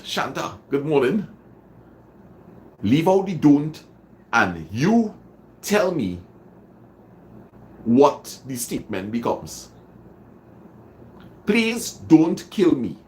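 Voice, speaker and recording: Trinidadian man, livestream host, dramatic repetition, unhurried, expressive pitch. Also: slight background noise. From Trinidad and Tobago. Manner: dramatic, repeats phrases for emphasis. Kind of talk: motivational livestream talk greeting viewers.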